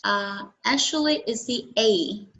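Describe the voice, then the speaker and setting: A woman's voice: a little high, takes it slowly, a bit bright, highs cut off. A woman whose first language is Vietnamese, teaching English one-on-one and explaining patiently with frequent checking questions.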